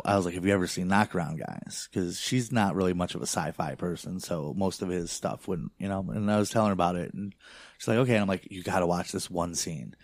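Male, young adult, low-ish pitch, dry close mic; loose profane storyteller full of fillers. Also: no echo. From not from a big city. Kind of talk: casual chat.

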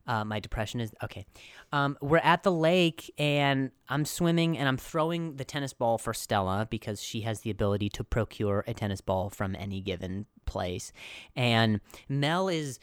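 A man's voice: mid-range voice, animated, moderate pace, clean tone, no echo, clean studio sound. A young adult man hosting a casual comedy podcast, rambling through a story with lots of jokes, asides and restarts. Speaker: podcast host.

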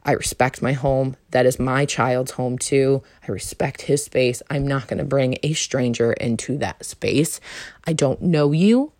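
A woman's voice: a little slow, no echo, studio quality. Indignant woman telling a dating story. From Canada. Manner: animated, indignant retelling with rising pitch and laughs. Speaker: podcast host. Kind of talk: casual storytelling monologue.

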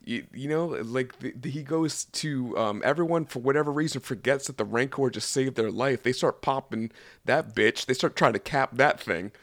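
A man reviewing a TV episode on a podcast in a profane, animated rant, acting out scenes with sound effects. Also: medium pitch, moderate pace, no echo. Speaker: podcast co-host.

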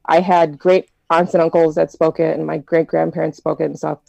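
Low, gravelly American woman chatting. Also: level tone, a little fast, warm tone, dry recording, low-quality recording. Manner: chatty, reflective storytelling with many fillers. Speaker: discussion participant. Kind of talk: casual group discussion.

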